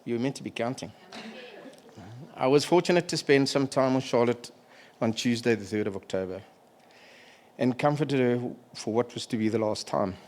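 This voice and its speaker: A middle-aged man delivering a memorial eulogy for a family member, halting and emotional, pausing to clear his throat. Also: mid-range voice, slight background noise.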